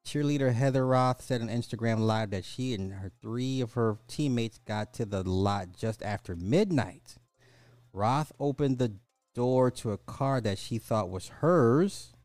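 Faint music plays behind this podcast host as he reads an article aloud at a measured pace, pausing for casual, sarcastic jokes. His mid-range voice has a darkish tone and no echo.

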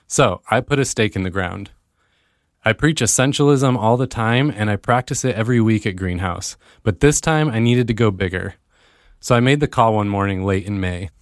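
A man hosting his own podcast, talking straight to listeners in an earnest monologue that lifts into excited bursts. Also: fairly low pitch, no echo, clean studio sound. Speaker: podcast host.

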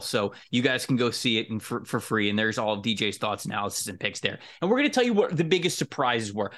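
A man hosting a casual sports podcast, upbeat and quick with asides and laughter. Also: mid-range voice, a bit bright. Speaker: podcast host.

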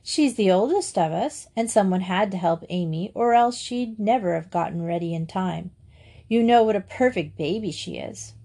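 Brisk, bold storybook schoolgirl, read by a woman, breezy slang. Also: mid-range voice, vocal fry, mellow. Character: bold, blunt schoolgirl Joey.

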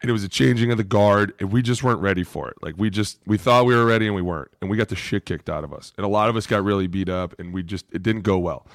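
Man, gravelly, lowish voice, profane, animated storyteller, podcast chat. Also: quick pace, few pauses, dry recording, studio quality. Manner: profane, animated, acts out quotes. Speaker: podcast co-host, former football player.

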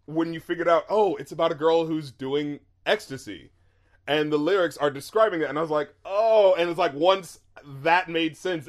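A man's voice: fairly high pitch, fairly bright tone. A man co-hosting a podcast, talking casually and animatedly, laughing often and swearing freely while he reacts to rap lyrics. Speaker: podcast co-host. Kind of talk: casual chat.

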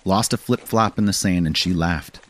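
A man reading a literary audio play in a measured, understated storytelling manner, close to the microphone. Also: deep voice, a bit bright. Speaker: audiobook reader. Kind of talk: scripted narration of an audio play.

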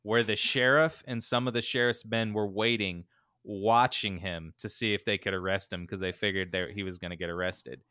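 A man co-hosting a podcast, telling a true-crime story in a laid-back, animated way with lots of fillers. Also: on the low side, moderate pace, no echo, studio quality. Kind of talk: casual storytelling chat.

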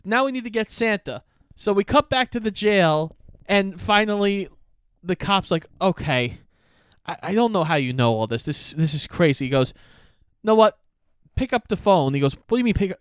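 A man's voice: a little high, smooth, dry recording, clean studio sound. A man co-hosting a podcast, chiming in with wry asides while recapping a movie. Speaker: podcast co-host. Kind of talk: casual chat.

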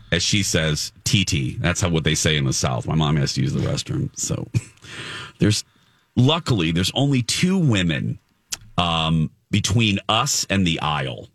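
A man's voice: low-pitched, no room sound. A man telling a story in casual podcast chat, acting out the people he quotes. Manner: animated, dramatic storyteller who acts out quotes.

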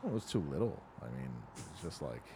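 A man's voice: very deep voice, very animated, fast, mellow, slight background noise. A man in casual, crude podcast chat, rambling and swearing freely. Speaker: podcast host.

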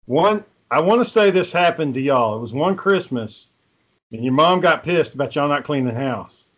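A man's voice: on the high side, expressive, moderate pace, a bit bright, highs cut off. A man teasing a friend and recounting old stories in casual, profane chat.

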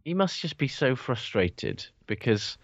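A man's voice: mid-range voice, sing-song, unhurried, dry recording. A man co-hosting a rugby podcast in casual, sweary banter. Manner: sweary, laid-back banter. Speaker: podcast co-host. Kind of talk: casual chat. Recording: dull lo-fi dry sound.

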